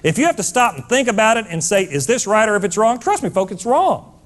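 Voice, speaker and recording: A man's voice: sits high, big pitch swings, fairly quick. A middle-aged man giving a keynote speech to a live audience, blunt and emphatic, calling them folks. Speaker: motivational speaker. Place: stage before a live audience.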